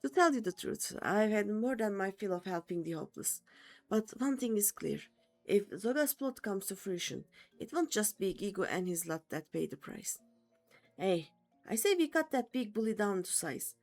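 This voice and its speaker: A woman's voice: medium pitch, sing-song, moderate pace, soft background music. A woman voicing a weary, worldly-wise female adventurer in a dry tone. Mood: wry.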